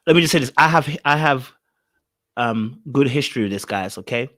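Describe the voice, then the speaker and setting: Animated man reacting. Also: mid-range voice, normal speed. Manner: animated, exclaiming, repeats phrases. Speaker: reaction channel host. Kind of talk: reacting to a reality show.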